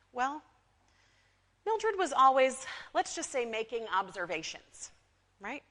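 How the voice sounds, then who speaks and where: Casting: woman pastor, chatty storytelling sermon, bright and sharp, long reverb of a church hall. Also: a little high. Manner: conversational, with frequent asides to the congregation. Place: church sanctuary.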